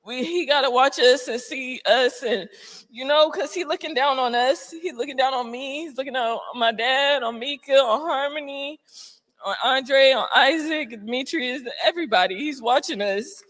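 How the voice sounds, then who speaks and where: A woman's voice: high-pitched, normal speed, fairly bright tone. Tearful woman giving a eulogy. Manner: emotional, holding back tears, with fillers. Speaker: family member giving a eulogy. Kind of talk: heartfelt memorial speech. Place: memorial gathering before a crowded room. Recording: long reverb in a large room.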